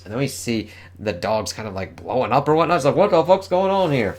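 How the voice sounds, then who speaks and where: A man's voice: lowish voice, lively intonation, a little fast. Casual swearing comic reviewer, a man. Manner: casual and profane, reads dialogue aloud in voices. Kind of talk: casual read-along review.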